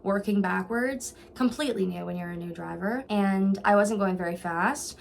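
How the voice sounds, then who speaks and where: A young woman from Canada in her twenties telling a personal story to camera in a casual, animated way with frank language. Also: mid-range voice, moderate pace, creaky, a little hiss or hum. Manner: animated, swearing, laughing asides. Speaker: vlogger.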